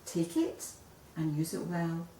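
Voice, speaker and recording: A woman's voice: on the low side, steady tone, slow, mellow, a little hiss or hum. A woman voicing a rare, magical female paradise parrot in a storybook reading. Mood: gentle. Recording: echoey room, voice a bit far off.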